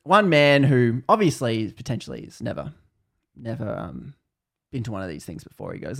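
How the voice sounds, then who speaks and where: A man recounts a spooky tale in a loose, chatty way, often backtracking and restarting his sentences. His voice sits at an ordinary middle pitch. He keeps things light, breaking off into laughter at his own asides. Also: big pitch swings, moderate pace, vocal fry. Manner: rambling, self-correcting, laughs at own jokes. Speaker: podcast storyteller. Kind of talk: casual storytelling chat.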